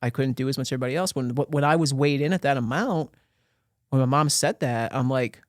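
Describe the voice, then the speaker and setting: A man's voice: medium pitch, a little fast, no room sound, studio quality. A man from a small town in Pennsylvania, a podcast guest telling his story in a candid, self-deprecating, joking way. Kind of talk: casual storytelling interview.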